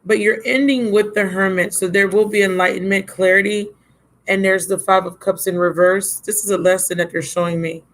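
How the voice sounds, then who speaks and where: A woman's voice: medium pitch, fairly even intonation, normal speed, rough recording. A tired woman giving a casual, blunt tarot reading on a live stream, calling the viewer baby and my love. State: drained and yawning. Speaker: tarot reader.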